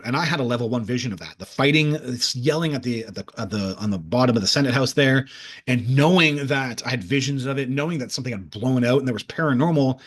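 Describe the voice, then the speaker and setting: A man hosting his own video, telling a rambling story in a halting way with many restarts. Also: mid-range voice. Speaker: video host. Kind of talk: casual storytelling monologue.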